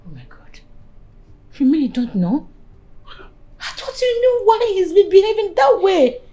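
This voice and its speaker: An anxious, pleading wife. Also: female voice, on the high side, big pitch swings, moderate pace, dark tone. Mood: worried. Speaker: worried wife asking her husband's friend.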